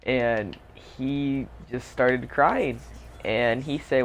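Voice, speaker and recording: A man's voice: mid-range voice, takes it slowly. A young man casually telling a rambling storytime over gameplay, full of fillers and self-deprecating asides. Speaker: gaming YouTuber. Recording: dull lo-fi mic with faint noise.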